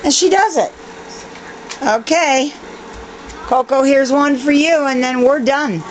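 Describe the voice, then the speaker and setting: Woman, home video, firm repeated dog commands, slow drawn-out speech, dogs around. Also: high-pitched, a little hiss or hum. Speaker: dog owner training her dogs.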